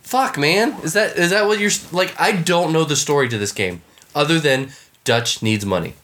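A man's voice: on the high side, moderate pace, a bit bright. A young man co-hosting a casual podcast chat, laughing often, swearing and acting out quotes. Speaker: podcast co-host.

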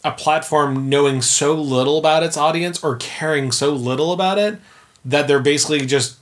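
A man co-hosting a casual podcast chat, enthusiastic and profane, quick to jump in with reactions. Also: a little high. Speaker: podcast co-host.

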